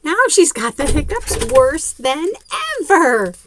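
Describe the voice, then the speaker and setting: A woman reading a picture book aloud to children, her pitch leaping around animatedly. She takes her time and talks to the little listeners directly, gasping at every surprise. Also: slow pace, a little hiss or hum. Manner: expressive, child-directed, frequent gasps; talks directly to young viewers. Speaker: children's story reader.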